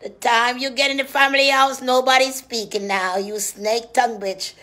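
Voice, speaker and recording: A woman doing a profane comic rant in a preacher's manner, dropping to hushed whispers and rising to loud shouts. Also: on the high side, fairly even intonation, moderate pace, few pauses. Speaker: comedian.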